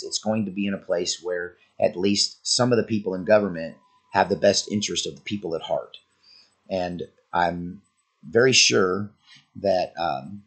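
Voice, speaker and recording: A man's voice: low voice, slightly rough. A man with a sore throat giving an earnest, warning commentary monologue as a channel host. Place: Oklahoma, US.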